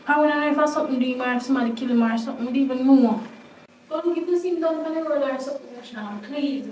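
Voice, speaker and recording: High-voiced Jamaican woman, pleading daughter, distant mic, faint noise behind, played by an actress. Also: racing, a little mellow, natural voice. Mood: frantic. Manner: emphatic, pleading, scolding. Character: worried adult daughter scolding her broke father. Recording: roomy, distant camera mic.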